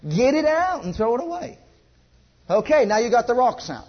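A man preaching a sermon at a church service. He repeats his exhortations emphatically and drops to a hush. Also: very high voice, sing-song, moderate pace, breathy edge, muffled recording.

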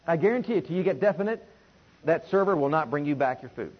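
Husky-voiced man preaching a sermon. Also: a little high, lively intonation, fast talker. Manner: call-and-response preaching, swings between loud and hushed. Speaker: pastor. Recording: dull lo-fi recording.

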